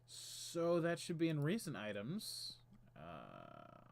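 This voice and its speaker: A man hosting a casual game stream, chatting and reading the game's text aloud with the odd stumble. His voice sits high for a man and swings widely in pitch. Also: wildly swooping pitch, slow, creaky, background noise. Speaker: streamer host.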